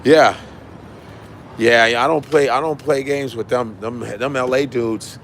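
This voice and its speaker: A man's voice: medium pitch, expressive, moderate pace, slight background noise. A man hosting his own livestream as a comedian, chatting loosely with viewers, swearing and repeating lines for emphasis. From United States. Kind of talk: casual chat with viewers.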